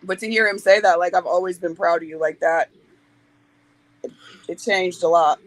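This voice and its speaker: A woman's voice: lowish voice, moderate pace, dry recording, rough recording. A woman in her forties, a podcast guest speaking candidly in a blunt, plain-spoken way and swearing freely. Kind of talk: candid interview talk.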